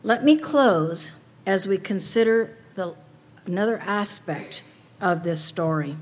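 A woman's voice: mid-range voice, slow. A woman preaching a sermon to a women's audience, earnest and personal, asking rhetorical questions.

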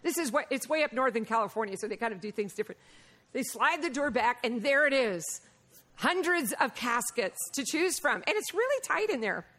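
A woman preaching a Bible lesson, mixing lively personal stories with scripture, and often laughing and acting out the voices of people in her stories. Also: fairly high pitch, a little fast. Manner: animated, laughing, acts out quoted voices. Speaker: Bible teacher. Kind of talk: sermon with personal storytelling.

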